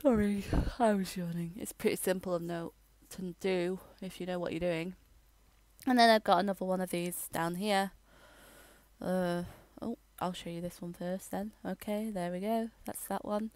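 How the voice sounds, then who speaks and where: A woman rambling through a casual game voiceover, halting and restarting as she tours her builds. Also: fairly low pitch, fairly even intonation, a little mellow, dry recording. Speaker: gamer giving a tour.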